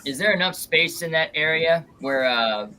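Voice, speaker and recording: A man's voice: a little high, lively intonation, moderate pace, bright, forceful tone. A man chatting casually as a player in a tabletop game. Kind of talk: casual tabletop gameplay chat.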